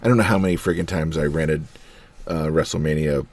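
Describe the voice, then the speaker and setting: A man in his thirties co-hosting a wrestling podcast in casual chat, filling pauses with ums and laughing easily. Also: a bass voice, steady tone, darkish tone. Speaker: podcast co-host.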